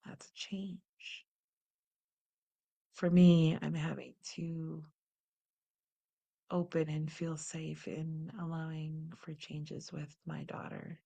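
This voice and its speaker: A woman hosting a guided wellness practice, calm and unhurried, describing her body sensations as she goes. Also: low voice, vocal fry. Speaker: host leading a guided practice.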